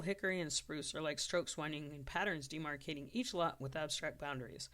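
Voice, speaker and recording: An author reading their own story draft aloud as storybook narration, steady with occasional self-corrections. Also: mid-range voice.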